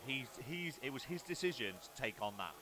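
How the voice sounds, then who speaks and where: A man's voice: mid-range voice, expressive, brisk. Male co-commentator: hesitant, stammering, self-deprecating; busy crowd noise behind. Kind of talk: casual live-stream commentary. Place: tournament venue. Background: crowd chatter.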